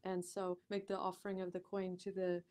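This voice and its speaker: A woman guest on a podcast, telling a story in a lively conversational way, laughing often and using many fillers like "like" and "you know". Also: medium pitch, a little fast, clean tone.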